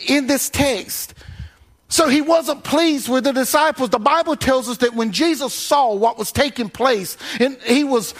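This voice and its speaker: An older pastor with a drawl preaches with a high, ringing voice. His delivery swings between loud, lifted calls and low, quiet drops. He chuckles along with his congregation in an easy, folksy way. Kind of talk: sermon.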